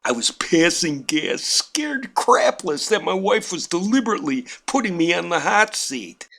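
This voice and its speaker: A man's voice: high-pitched, sing-song, unhurried, bright, forceful tone. A man telling a comic personal story in a wry, self-mocking, exaggerated way. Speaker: painting instructor telling a family story.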